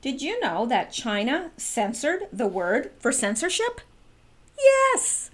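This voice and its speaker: A middle-aged woman hosting a trivia video, chatting with wry asides to viewers and pitch jumps for emphasis. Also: big pitch swings, a little slow. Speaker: video host. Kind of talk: casual chat about trivia facts.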